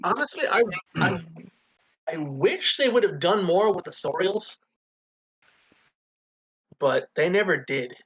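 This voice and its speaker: A man's voice: high voice, very animated, slow pace, long pauses, a bit bright, breathy edge. A man chatting eagerly with friends before a tabletop game session. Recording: dull, dry voice-call audio.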